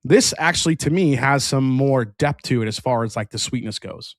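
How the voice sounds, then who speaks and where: A man's voice: mid-range voice, normal speed, no echo, studio quality. A man hosting a whiskey review livestream in a casual, rambling way, often restarting sentences and answering chat.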